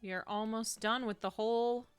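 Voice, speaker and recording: Woman, casual stream chatter, animated rants, smooth clear tone, soft music behind. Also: on the high side, moderate pace, no room sound. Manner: animated, says 'ew' and 'icky' with disgust, ranting. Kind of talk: casual gameplay stream chat.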